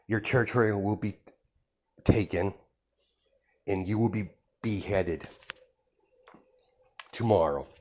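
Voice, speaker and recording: A man's voice: deep voice, darkish tone. A man voicing an arrogant male werewolf elder who passes judgment with contempt. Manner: condemning, contemptuous.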